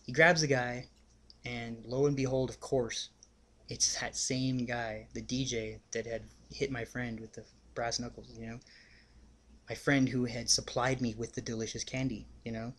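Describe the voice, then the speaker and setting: A young man spinning a rambling story in a plain, mid-pitched voice. He swears freely and fills every gap with "like" and "you know", talking the way he would to friends. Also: level tone, moderate pace, fairly bright tone, a little hiss or hum. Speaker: vlogger. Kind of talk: casual storytelling.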